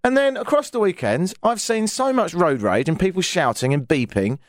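A London man telling stories in a dry, joking way, his pitch swinging up and down a lot as he talks. The recording is close and dry, with no room sound. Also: lively intonation, moderate pace, no echo. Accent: London English. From England. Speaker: co-host. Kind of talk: casual comedic chat.

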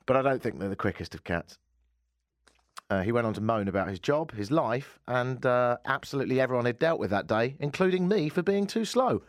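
A man from the United Kingdom hosts a casual radio chat show, dropping wry, self-mocking asides. His pitch swings widely as he talks. The sound is dry and close, with no room echo. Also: expressive, fairly quick. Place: radio studio. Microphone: studio microphone.

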